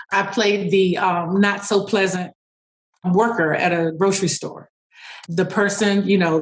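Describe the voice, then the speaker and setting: A woman with a slightly low voice talks through clinic stories at a brisk pace. She piles up fillers and restarts and slips into quoted dialogue as she explains her methods. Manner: storytelling, acts out dialogue; quick, many fillers and restarts. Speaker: speech-language pathologist guest. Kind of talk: conversational interview answers.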